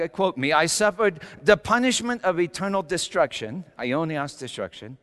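A man playing a fiery, repentant Paul in a dramatic sermon monologue, stammering and repeating words as he drops to low murmurs and rises to shouts. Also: long reverb tail. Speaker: church speaker in character.

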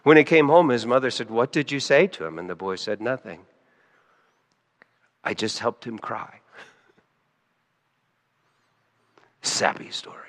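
A man preaching a sermon, dropping to hushed, quiet lines and then rising sharply into loud, high emphasis. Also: animated, moderate pace, pauses often, big-room sound. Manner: emotional, swings between soft hushed lines and sudden loud high emphasis. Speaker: pastor.

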